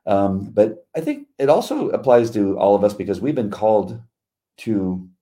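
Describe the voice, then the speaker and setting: Deep-voiced middle-aged man, earnest devotional co-host. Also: very animated, normal speed, mellow. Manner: earnest, reflective. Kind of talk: devotional chat.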